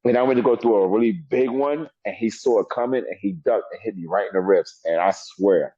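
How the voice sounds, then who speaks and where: A middle-aged man, a wrestler guest in an interview, telling animated stories and laughing often. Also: fairly low pitch, fairly quick, slightly rough, dry recording. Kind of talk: storytelling interview. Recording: dull lo-fi sound.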